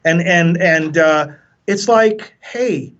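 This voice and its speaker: Priest guest, high male voice, impassioned and preachy, stumbling restarts, dull lo-fi sound. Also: takes it slowly. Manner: forceful, preacherly, repeats words when starting sentences. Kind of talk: impassioned radio interview.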